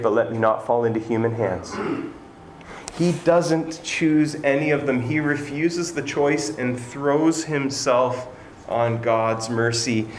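A man preaching a sermon in an earnest, conversational way, building to emphatic points. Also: medium pitch. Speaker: pastor. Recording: echoey room with faint noise.

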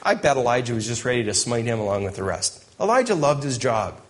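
A man's voice: mid-range voice, expressive, fast talker. A man preaching a sermon who reads scripture aloud and breaks in with joking asides and chuckles. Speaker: pastor. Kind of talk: sermon with Bible reading.

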